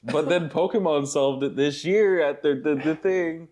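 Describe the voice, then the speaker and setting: A man co-hosting a podcast in casual chat, soft-spoken and agreeable, often chiming in with affirmations. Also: a little high, a little slow. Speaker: podcast co-host.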